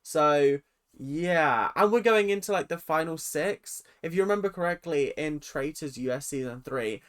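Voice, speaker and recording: A man's voice: on the high side, normal speed, a bit bright. A young man recapping a reality show episode on his vlog, opinionated and rambling, drifting off on tangents and sounding tired. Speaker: reaction vlogger.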